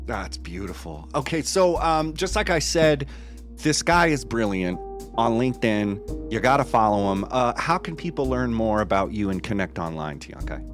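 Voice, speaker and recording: A man's voice: mid-range voice, sing-song, normal speed, soft background music. A man hosting an interview, playful and enthusiastic, heaping praise on his guest. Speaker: podcast host. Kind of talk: casual interview chat.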